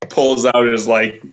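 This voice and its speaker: A man's voice: medium pitch, muffled recording. A man in his thirties, a guest on a video call, laid-back and laughing easily. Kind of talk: casual chat on a video call.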